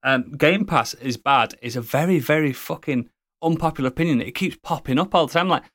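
A man's voice: fairly high pitch, brisk, a bit bright, dry recording, studio quality. A man co-hosting a casual podcast, swearing freely and laughing through the banter. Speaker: podcast co-host.

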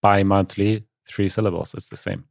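A man's voice: sits low, little pitch movement, moderate pace, vocal fry, dry recording. A man co-hosting a podcast in casual chat, precise and explanatory with dry humor. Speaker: podcast co-host.

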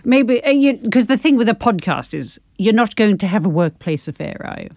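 A woman co-hosting a casual advice podcast, playful and teasing with quick asides. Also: medium pitch, expressive, a little mellow, no echo, studio quality. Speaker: podcast co-host.

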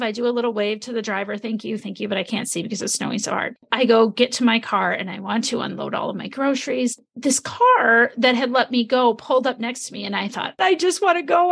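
Gravelly-voiced woman telling a teaching story. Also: a little high. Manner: animated storyteller, acts out her own inner voice. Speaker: podcast co-host. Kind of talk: storytelling to a co-host.

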